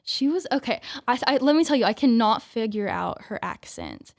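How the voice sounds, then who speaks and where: A teenage woman from Georgia, a young actor, chatting casually as an interview guest, with lots of "like" and "um" and quick laughs. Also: fairly high pitch, animated. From Georgia, USA. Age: teens.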